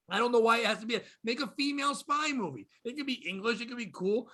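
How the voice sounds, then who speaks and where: A man with a fairly high voice hosts a comedy podcast. He rants with plenty of profanity, dropping into low mutters and then bursting out loud. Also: husky. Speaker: podcast host. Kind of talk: casual comedy podcast rant.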